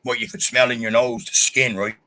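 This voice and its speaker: A man's voice: medium pitch, fairly quick, poor audio. A man from Canada telling a gritty story in casual podcast chat, blunt and full of swearing. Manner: profane, blunt, animated retelling. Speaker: podcast guest.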